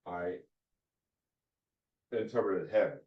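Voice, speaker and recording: A man teaching a Hebrew phonics lesson, explaining slowly and repeating words for drilling. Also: low-pitched, steady tone. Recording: echoey room, dull lo-fi sound.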